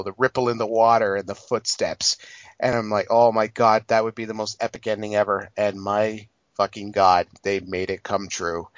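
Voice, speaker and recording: A man's voice: mid-range voice, no room sound, highs cut off. A man in his late twenties giving a rambling, profane, casual movie review, full of fillers. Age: 20s. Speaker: film reviewer.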